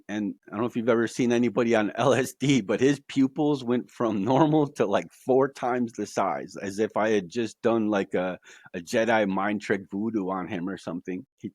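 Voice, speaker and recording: A man guest on a podcast telling his own story in a casual, animated way, tossing in slang like "bro.". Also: lowish voice, no room sound, clean studio sound.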